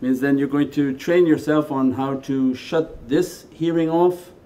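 Soft-toned male Sufi teacher, conversational. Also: fairly high pitch, unhurried. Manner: conversational, shifting between quiet asides and emphatic lines. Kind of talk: spiritual lecture and Q&A answer. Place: meditation center hall.

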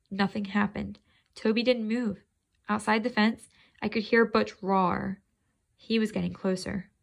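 A woman's voice: mid-range voice, creaky, a bit bright. A woman reading a children's chapter book aloud in a casual way, stopping to think aloud and quiz her listeners.

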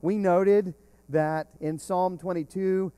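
Man, pastor, sermon, emphatic preaching, slightly high voice, slow delivery. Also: steady tone, mellow, clear, resonant tone, no room sound.

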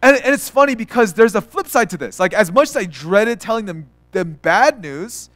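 A man's voice: high voice, animated, normal speed, fairly bright tone, dry recording. A young adult man preaching a casual sermon as pastor, telling personal stories with lots of restarts and acted quotes.

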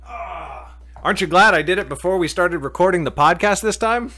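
A man's voice: high-pitched, animated, moderate pace, pushed and bright, dry recording. A man hosting a casual podcast chat, rambling and joking with lots of fillers. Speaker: podcast host.

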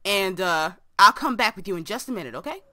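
A woman's voice: medium pitch, lively intonation, fairly quick, bright, forceful tone. A young woman hosting a game let's play from her room, chatting to viewers and to the characters on screen. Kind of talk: casual game commentary.

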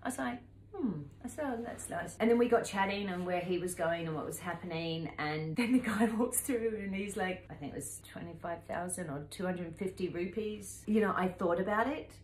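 A woman in her fifties with a lowish voice talks straight to camera, recounting a journey with lively, laughing energy and quick impressions of the people she met. Her voice rings off the walls of an echoey room, with a faint hum of background noise beneath it. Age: 50s. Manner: animated, laughing, acts out voices in her stories. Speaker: travel vlogger. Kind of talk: casual storytelling to camera.

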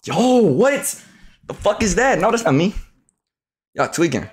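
A young man live streaming, loudly talking to his chat with profane, hyped trash talk and frequent shouting. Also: sits high, big pitch swings, unhurried, pauses often, crowd noise.

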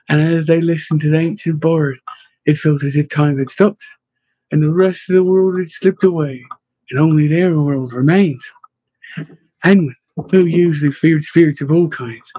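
A man narrating a storybook in a steady, even reading voice. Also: on the high side, no echo. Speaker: audiobook narrator. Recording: dull lo-fi dry recording.

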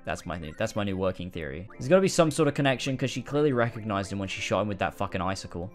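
A young man streaming a game with casual, excitable, swearing commentary. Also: on the low side, racing, faint music behind. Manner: animated, swearing, excitable reactions. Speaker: gaming streamer. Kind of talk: casual let's-play commentary.

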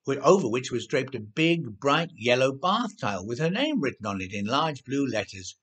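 A man narrating a children's storybook in an animated, expressive way. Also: mid-range voice, normal speed, slightly rough.

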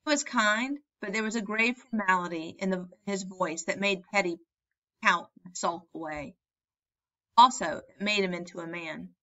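A woman narrates a story in a measured, expressive reading. Her voice is bright and clear. The recording is dull and lo-fi. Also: medium pitch. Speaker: audiobook narrator. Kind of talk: audiobook reading.

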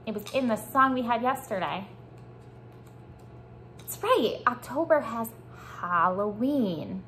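A woman teaching young children a morning lesson, speaking slowly and encouraging them to repeat after her. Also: fairly high pitch, expressive, a bit bright, a little hiss or hum. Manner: slow, encouraging call-and-response teaching. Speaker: preschool teacher.

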